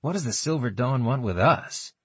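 Audiobook part: argumentative young adventurer, husky, lively delivery, read by a man. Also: mid-range voice, moderate pace, pitched above the performer's own voice. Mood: indignant. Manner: indignant, argumentative. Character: indignant, suspicious young male adventurer.

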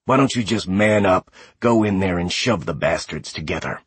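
A man's voice: low-pitched, normal speed, husky, no room sound. A man doing a crude sneering lab tech. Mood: taunting. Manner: sneering, blunt.

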